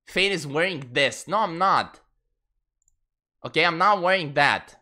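A male live streamer chatting casually with his viewers, swearing a lot and jumping into shrill outbursts. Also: animated, takes it slowly, pauses often, pushed and bright.

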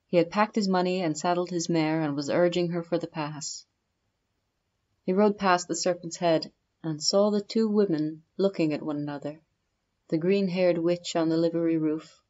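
A woman reading a fantasy story aloud as an audiobook narrator, in a measured storytelling delivery. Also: low-pitched, a little mellow, highs cut off.

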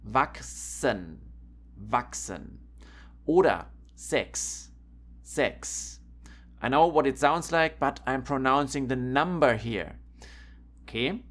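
Slow male teacher. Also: mid-range voice, a bit bright. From Germany. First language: German. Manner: slow and deliberate, repeating each example word twice. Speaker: language teacher. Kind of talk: pronunciation lesson.

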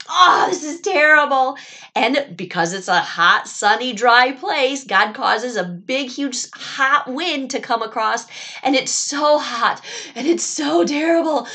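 A woman telling a Bible story to children in an animated, expressive way, pausing to explain words and add asides. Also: on the high side.

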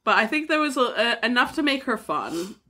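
A woman's voice: on the high side, very animated, a little fast, pushed and bright. A woman co-hosting a podcast in casual, frank chat about a movie, with many fillers. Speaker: podcast co-host.

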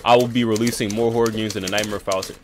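A young man playing a horror game and commenting in a slangy, excitable way, yelling whenever he gets scared, with game music under his voice. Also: lowish voice, rapid-fire, noisy background. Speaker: gaming YouTuber.

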